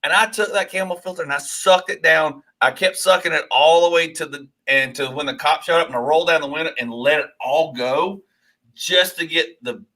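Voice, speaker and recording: A man in his forties from Georgia telling a long animated story, swearing freely, on a casual podcast. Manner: animated, swearing, rising pitch as story builds. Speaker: podcast co-host.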